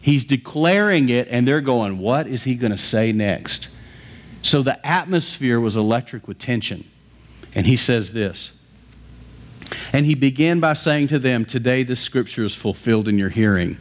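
A man preaching a sermon, with a conversational, animated storytelling manner. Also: medium pitch, normal speed. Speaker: pastor.

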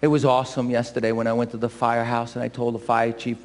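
A man's voice: mid-range voice, monotone, quick pace, long reverb tail. A man, the pastor, addressing his congregation with emphatic, repetitive calls to serve. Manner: preacherly, building to emphatic repeated calls. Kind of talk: church service address. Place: church sanctuary.

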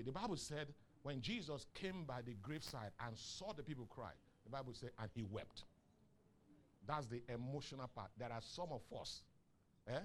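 A Nigerian man preaching a sermon, asking the congregation questions and rising into shouts on key lines. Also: medium pitch, a little hiss or hum. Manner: asks the crowd questions and waits for answers. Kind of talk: sermon with call and response.

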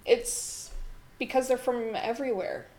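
A woman's voice: a little high, unhurried, a little mellow. A young woman from Ontario, a podcast guest recalling her restaurant job, easygoing and laughing often. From Ontario, Canada. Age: young adult. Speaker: podcast guest, former theme park restaurant worker. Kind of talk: casual podcast chat.

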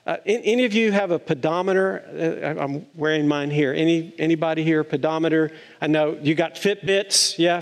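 A man's voice: fairly high pitch, big-room sound. A man preaching a chatty, playful sermon to his congregation, telling stories with a light touch. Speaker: pastor. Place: church sanctuary.

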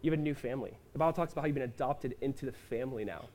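A man's voice: medium pitch, a little mellow. A male pastor delivering a sermon in a conversational way, acting out quotes and asking the congregation questions. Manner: conversational preaching with quick asides and acted-out quotes.

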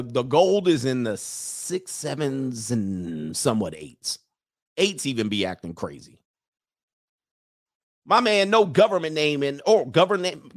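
A man in his forties hosting a livestream, joking loudly in a slangy, animated way while reading chat. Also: medium pitch, no room sound, studio quality. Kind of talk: comedic livestream rant.

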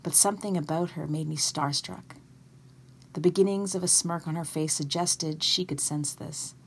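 A woman author reading aloud from her own novel in a measured storytelling way. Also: deep voice, fairly even intonation, creaky, a little hiss or hum.

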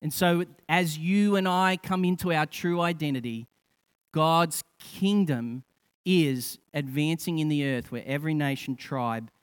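A man, probably, preaching a sermon, building to fervent peaks and dropping to soft, slow emphasis. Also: mid-range voice, smooth. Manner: impassioned preaching with rising emphasis and soft, drawn-out scripture quotes. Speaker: pastor.

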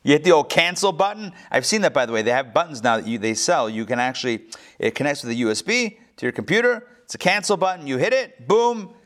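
A middle-aged man leads an evening class, with a fairly high voice for a man. He tells stories, cracks jokes and keeps checking whether his listeners are with him. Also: fast. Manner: animated storyteller, joking and asking the class questions. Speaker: class instructor. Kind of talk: lecture with jokes to a live class.

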